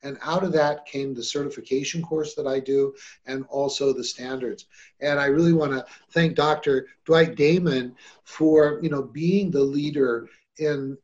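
A man's voice: fairly high pitch, a little mellow, highs cut off. A man hosting a podcast on hypnosis, talking in an upbeat, chatty way with some fillers. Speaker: host and hypnosis trainer. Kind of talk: casual podcast chat.

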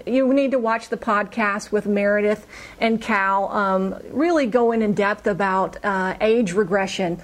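A woman recounting a hypnosis session in a lively, animated way, her voice sitting a little high. She jumps up in pitch whenever she voices the client's scared lines. It sounds like casual podcast storytelling. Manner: animated, acts out client's quotes in higher voice.

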